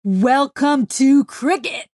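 Huge friendly frontier mechanic, booming and hearty, voiced by a woman. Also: measured pace, a little mellow, no room sound, clean studio sound, natural voice. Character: big friendly hairy frontier mechanic man.

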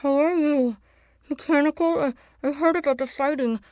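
A woman's voice: high-pitched, normal speed, a little mellow, no room sound, pitched above the performer's own voice, close to an everyday voice. A woman voicing a desperate woman calling over a radio from far away, urgent and pleading. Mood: anxious.

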